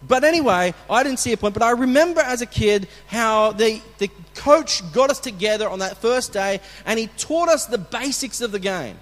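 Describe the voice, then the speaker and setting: Male pastor, sermon, chatty with restarts, high voice, echoing church hall. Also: lively intonation, normal speed, hardly any pauses. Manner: conversational, with restarts and acted coach shouts. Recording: long hall reverb.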